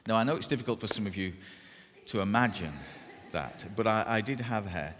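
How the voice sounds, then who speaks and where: A man preaching a sermon, telling stories with self-deprecating humour and deliberate pauses. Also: fairly low pitch, a bit bright, a little hiss or hum. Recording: long hall reverb.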